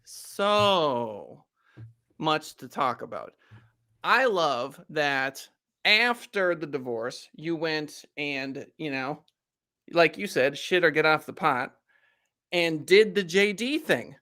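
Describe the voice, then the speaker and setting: A man's voice: fairly high pitch, animated, takes it slowly, sharp tone. Hyped-up nasal male podcast host. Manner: showman hype, big swoops. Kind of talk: energetic show introduction.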